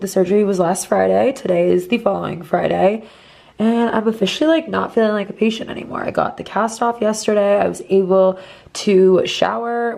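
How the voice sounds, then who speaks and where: A woman's voice: mid-range voice, vocal fry, darkish tone. A young woman in her twenties, congested and talking strangely, chatting casually in a recovery vlog with lots of "like". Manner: chatty, lots of "like", dips into whispers. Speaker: vlogger.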